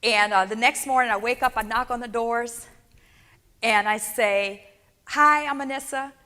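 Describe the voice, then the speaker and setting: A woman from New Orleans delivers a motivational keynote with a bright, forceful voice pitched a little high. She keeps the room with her through lively storytelling and quick "right?" check-ins. Her voice rings out with the long reverb of a large hall. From New Orleans, USA. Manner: energetic storyteller, asks the audience, frequent "right?" and "okay?". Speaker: keynote speaker, dental practice coach.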